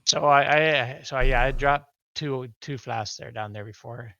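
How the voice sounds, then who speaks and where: Guy talking fast on a muffled lo-fi mic, dry, playing a tabletop game. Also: medium pitch, gravelly, bright, forceful tone, no echo. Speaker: player. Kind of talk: casual play talk.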